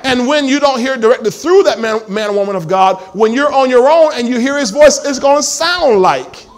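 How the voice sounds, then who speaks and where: A man's voice: very high voice, animated, a little fast. A male pastor preaching a sermon in a church, emphatic and full of call-and-response questions to the congregation.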